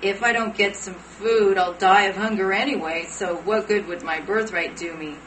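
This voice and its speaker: A woman's voice: mid-range voice, steady tone, moderate pace, a bit bright, natural voice. Woman voicing a whiny, starving young brother. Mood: grudging. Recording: distant, roomy, noisy playback.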